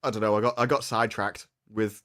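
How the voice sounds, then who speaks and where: A man's voice: on the low side, fairly even intonation, quick pace, fairly bright tone. Blunt sarcastic man co-host. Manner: blunt, sarcastic, mocks others in put-on voices. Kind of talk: casual political chat.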